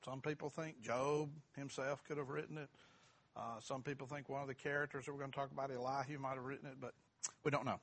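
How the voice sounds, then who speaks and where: A man's voice: mid-range voice, little pitch movement, fast talker, a bit bright. A middle-aged man teaching a church Bible class, joking and quizzing the group. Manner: folksy, asks the group questions, self-deprecating humor.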